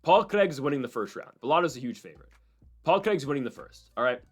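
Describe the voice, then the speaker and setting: A man casually breaking down MMA fights and predictions, rambling and excitable with frequent asides. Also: mid-range voice, fast, soft background music.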